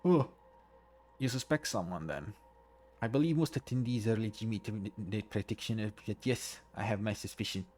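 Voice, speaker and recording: A man's voice: lowish voice, normal speed, darkish tone, slight background noise, lightly acted. A man voicing a formal, polite male French academic who hunts frauds, with a put-on French accent, reading game dialogue aloud. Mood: courteous.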